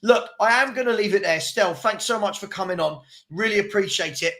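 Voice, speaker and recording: A man's voice: high voice, fairly quick, sharp tone. A man hosting a casual live football chat, arguing his points and urging viewers to subscribe. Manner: chatty, argumentative, keeps urging viewers to subscribe. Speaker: channel host.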